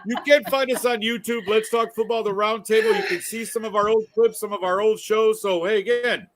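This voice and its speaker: A man with a fairly high voice hosts a relaxed talk show. He chats along easily and tosses jokey asides to his audience. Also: a little fast, background noise. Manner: chatty, joking asides to the audience. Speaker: host. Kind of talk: casual chat.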